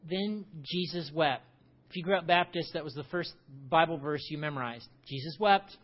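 A man preaching a conversational sermon, animated and full of rhetorical questions. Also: fairly high pitch, normal speed, highs cut off. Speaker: pastor.

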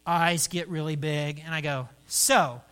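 A man's voice: on the high side, steady tone, unhurried, pushed and bright, clear, resonant tone. A male pastor preaching a sermon, telling a story and acting out both sides of a conversation, often repeating words and restarting phrases as he thinks aloud.

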